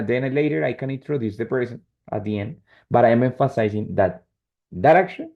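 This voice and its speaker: A man teaching an online English lesson, explaining slowly and often checking in with "right?" and "yes?". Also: fairly low pitch, warm tone. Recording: dull lo-fi call audio.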